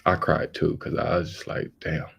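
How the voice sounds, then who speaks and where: A man's voice: extremely low pitch, little pitch movement, moderate pace, creaky, fairly bright tone, husky. A young man, hosting a casual livestream and talking earnestly and rambling to his viewers. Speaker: livestream host.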